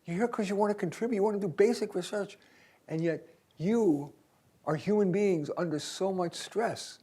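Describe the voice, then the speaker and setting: Older guy coaching a room full of grad students, kinda high voice, punchy and chatty. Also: normal speed, slightly rough. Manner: emphatic, conversational, swings from soft to loud. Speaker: career coach leading a seminar. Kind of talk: lively seminar talk. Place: university auditorium.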